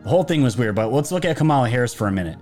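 A man hosts a casual live commentary stream, addressing his viewers directly. His voice sits at an ordinary pitch, and he rambles, restarting and trailing off mid-sentence. Faint music plays quietly under his voice. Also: animated, very fast. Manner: rambling, with frequent restarts and fillers. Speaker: political commentary channel host.

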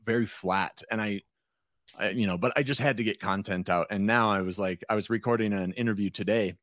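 A man's voice: on the low side, brisk, fairly bright tone, no echo. Chatty, rambling man, dry sound. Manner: rambling, self-deprecating, chatty. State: a little stoned. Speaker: podcast guest. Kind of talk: casual podcast chat.

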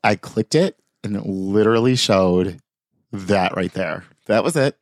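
A man with a fairly low voice rambles through stories on a podcast, breaking into laughs as he goes. The sound is dry and close, with no room around him. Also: a little slow, dry recording. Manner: laughs often, tells loose anecdotes with restarts. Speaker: podcast co-host. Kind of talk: casual chat.

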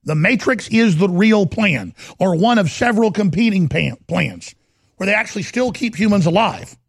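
A man hosting a talk show who rants with emphatic, urgent delivery and then reads a sales pitch. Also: lively intonation, moderate pace, vocal fry, slightly rough, no echo, clean studio sound. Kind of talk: ranting talk show monologue and ad read.

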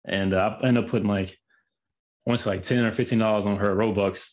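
A man's voice: fairly low pitch, steady tone, fairly quick, darkish tone. A man co-hosting a podcast, chatting in a laid-back way and laughing easily. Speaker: podcast co-host. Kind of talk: casual chat.

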